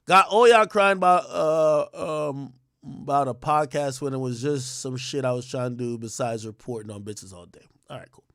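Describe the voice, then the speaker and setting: A man hosting a livestream, ranting in a profane, confrontational, rapid-fire way. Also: mid-range voice, a bit bright, dry recording, studio quality. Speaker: livestream host. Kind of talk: heated livestream rant.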